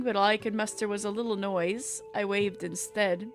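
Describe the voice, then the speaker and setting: A woman streamer reads a story aloud at a middle pitch and breaks in with casual joking asides. Soft game music plays faintly underneath. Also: steady tone, moderate pace, few pauses.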